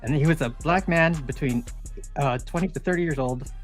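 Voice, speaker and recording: A man's voice: on the high side, normal speed, faint music behind. Teasing livestream co-host man. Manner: speculative, teasing. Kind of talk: casual live chat.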